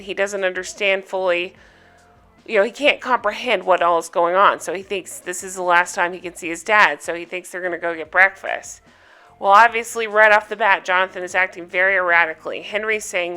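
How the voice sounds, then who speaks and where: Chatty woman with a bright voice. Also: mid-range voice, moderate pace, smooth, soft background music. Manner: chatty, retelling scenes with quotes and reactions. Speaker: TV show recapper. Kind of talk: casual episode recap.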